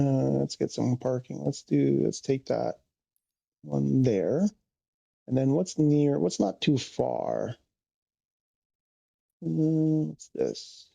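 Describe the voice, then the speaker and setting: Gravelly dark-voiced guy chatting on his game stream, keeps correcting himself. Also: mid-range voice, muffled recording. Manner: rambling, thinking aloud, self-correcting. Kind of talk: casual live-stream chat.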